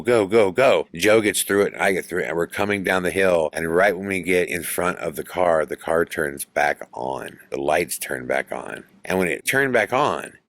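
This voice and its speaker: A man hosting a podcast, telling a ghost story in an animated way that builds suspense. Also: low voice, dry recording. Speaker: podcast host.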